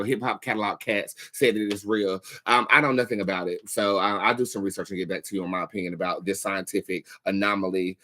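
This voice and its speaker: A man's voice: fairly low pitch, quick pace, few pauses, a bit bright. A young man hosting a tarot livestream, chatting casually with viewers in a candid, profane way.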